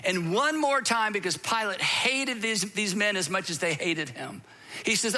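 A man preaching a sermon as a dramatic story, swinging from emphatic bursts to hushed whispers. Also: high voice, expressive, a little slow.

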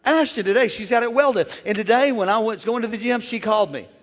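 A man who is a pastor, preaching a lively sermon and calling out to the congregation to join in. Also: high-pitched, quick pace. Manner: energetic, playful call-and-response with the crowd. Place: large church. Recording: long church hall reverb.

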